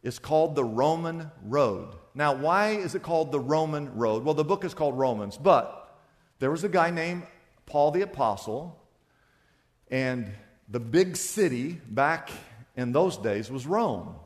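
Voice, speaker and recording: A man preaching a sermon as pastor, acting out little conversations and swinging between loud and soft. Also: on the high side, measured pace, long reverb tail. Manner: animated preaching, acts out little dialogues with shifts of loudness.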